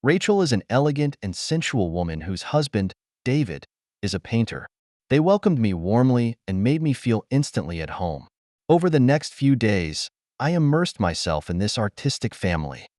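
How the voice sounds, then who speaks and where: A man narrating a first-person audio story in a steady, even storytelling delivery. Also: medium pitch, moderate pace, no room sound, studio quality.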